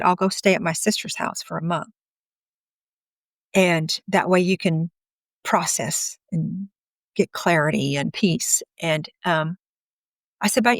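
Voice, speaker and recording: A woman's voice: fairly low pitch, vocal fry, dry recording. A middle-aged woman candidly recounting an emotional personal story, acting out past conversations as she goes. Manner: emotional, candid, quotes others in dialogue. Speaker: guest telling her story.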